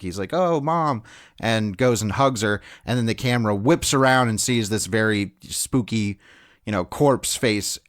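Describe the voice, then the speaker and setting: A man's voice: on the low side, fairly bright tone, clean tone. Chatty man with fillers and restarts. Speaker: podcast co-host. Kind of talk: casual film discussion.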